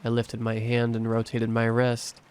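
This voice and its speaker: Man reading a creepy story, smooth clear voice, middle pitch, steady. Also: a little slow. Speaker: narrator. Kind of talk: scripted horror story narration.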